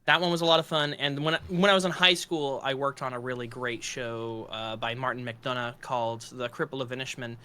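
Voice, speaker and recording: A man's voice: mid-range voice, steady tone, fairly quick, hardly any pauses, bright, forceful tone, clean tone. A man, a voice actor, chatting casually on a video call in a friendly, rambling way with plenty of fillers. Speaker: voice actor guest.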